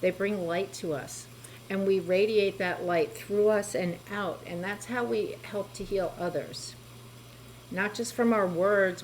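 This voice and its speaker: Lower-voiced woman giving a tarot reading. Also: slight background noise, rough recording. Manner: gentle, reassuring, spiritual, with fillers and asides to the listener. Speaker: tarot reader.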